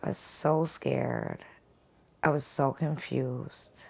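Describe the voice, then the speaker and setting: A woman's voice: very deep voice, fairly even intonation, takes it slowly, vocal fry, breathy edge. A woman being interviewed at home for a documentary, telling a personal story in an earnest, heartfelt way. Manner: earnest, heartfelt storytelling, sing-song when quoting others.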